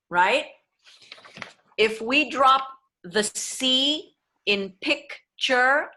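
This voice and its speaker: Bright-voiced woman coaching diction. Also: medium pitch. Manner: explanatory, switches into Spanish phrases. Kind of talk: online workshop talk.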